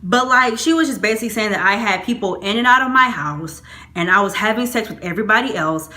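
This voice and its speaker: Bright-voiced young woman telling a storytime. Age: young adult. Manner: animated, quotes herself in high exclaims, laughs between lines. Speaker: vlogger. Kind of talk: storytime vlog, casual chat.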